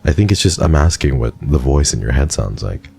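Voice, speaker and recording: A man's voice: very deep voice, expressive, a little fast, creaky, dark tone, slightly rough. A man streaming live who chats casually with his viewers, answers their questions and thanks them in a playful, teasing way.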